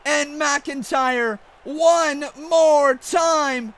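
A man doing mock wrestling play-by-play commentary over a video game, excitable and often shouting. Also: very high voice, drawn-out words, few pauses. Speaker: gaming YouTuber.

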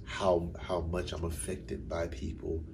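A man's voice: low voice, completely flat delivery, measured pace, creaky, heavy background noise. A middle-aged man, a vocal coach, telling a personal story in a candid, emotional way, chuckling and correcting himself as he goes.

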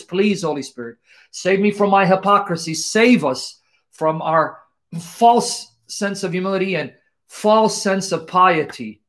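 Fervent man praying aloud, higher voice. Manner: fervent, repetitive invocations. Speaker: Christian apologist host. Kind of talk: spoken prayer.

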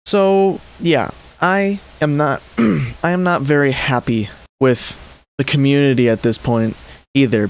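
A man hosting a hobby channel, giving an exasperated, rambling commentary and often correcting himself mid-sentence. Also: mid-range voice. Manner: frustrated, exasperated. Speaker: 3D printing channel host. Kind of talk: commentary rant to camera.

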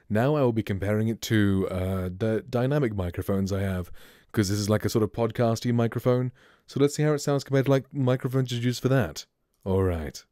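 A man's voice: fairly low pitch, normal speed, darkish tone, no echo. A man streamer giving a casual, rambling microphone review, speaking close to a studio mic at his home streaming setup. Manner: laid-back, rambling.

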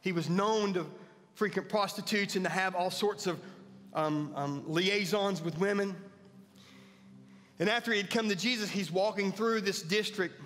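A man's voice: high-pitched, moderate pace, a bit bright. A man preaching a sermon as pastor, earnest and building to emphatic peaks. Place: church sanctuary. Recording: church hall reverb with faint music.

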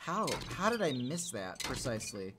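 A man streaming gameplay live, talking to himself in an excitable, jokey way with sudden yelps and swearing. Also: mid-range voice, normal speed, background noise. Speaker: gaming streamer.

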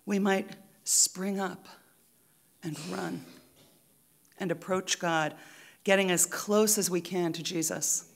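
A woman pastor preaching a sermon in a church, deliberate and emphatic, with rhythmic repetition. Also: on the low side, fairly even intonation.

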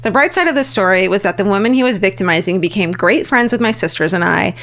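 A woman podcast co-host reads listener letters aloud in a casual, chatty way. Her pitch swings widely and she bursts into laughter often. She swears freely and reacts with big gasps. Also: animated, quick pace, fairly bright tone. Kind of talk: casual chat, reading listener stories aloud.

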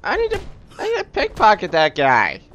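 A man's voice: high-pitched, huge pitch swings, normal speed, a bit bright, soft background music. Chatty joking man narrating gameplay. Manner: chatty, joking, self-mocking. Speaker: let's-play host. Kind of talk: casual gaming commentary.

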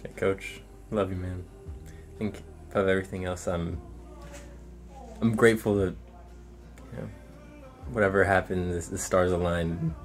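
Emotional, halting deep-voiced man. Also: steady tone, faint music behind. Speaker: friend. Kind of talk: farewell message.

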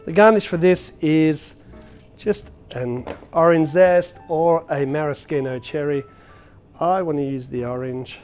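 A man's voice: on the high side, unhurried, a little mellow, soft background music. A man hosting a cocktail demonstration as a bartender, talking in a chatty, upbeat way with frequent filler words. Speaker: bartender and show host.

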